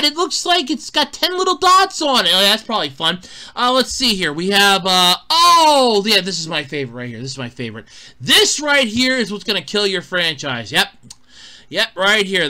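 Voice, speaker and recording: High, lively ranting man. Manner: exasperated, profane, shouting bursts. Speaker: gaming commentator. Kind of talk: angry gaming rant.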